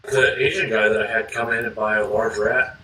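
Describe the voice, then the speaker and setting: A man co-hosts a casual podcast in a relaxed, rambling manner and sometimes gropes for words. His voice is bright and sits a little back from the mic in a roomy, echoey space. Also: on the low side, brisk, slight background noise. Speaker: podcast co-host. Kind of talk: casual chat. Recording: roomy, mic a bit distant.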